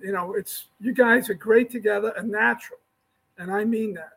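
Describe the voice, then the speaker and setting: Older male guest, high gravelly voice, friendly chat. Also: fairly even intonation, moderate pace, a bit bright, low-quality recording. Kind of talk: casual chat.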